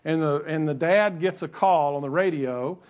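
A man's voice: on the high side, normal speed, a little mellow. A male pastor preaching a sermon in a conversational way, repeating key phrases and adding light asides.

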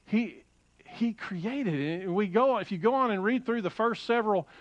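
A middle-aged man preaching a sermon, animated and repeating phrases as he quotes scripture. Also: high voice, normal speed, no room sound, lo-fi sound. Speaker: pastor.

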